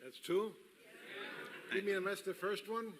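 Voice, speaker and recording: A man's voice: high-pitched, fairly even intonation, unhurried, fairly bright tone. A man in his seventies making dry, self-mocking remarks on a convention panel stage. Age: 70s. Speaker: panel guest. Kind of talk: live panel banter. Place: convention stage before a crowd.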